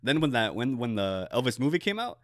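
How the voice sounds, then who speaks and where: A young man hosting a casual interview in a small office, animated and laughing often as he tells stories. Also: medium pitch, a little fast, dry recording, clean studio sound. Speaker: podcast host.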